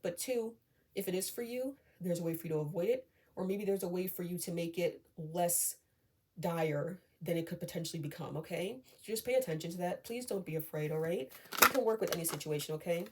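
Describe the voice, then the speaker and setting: A woman with a lowish, mellow voice gives a casual tarot reading to her viewers. She talks in a chatty way, full of fillers, and keeps reassuring them and checking in with a quick "okay?". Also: slight background noise. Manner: chatty, many fillers, often asks okay?; reassuring and calming. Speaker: tarot reader.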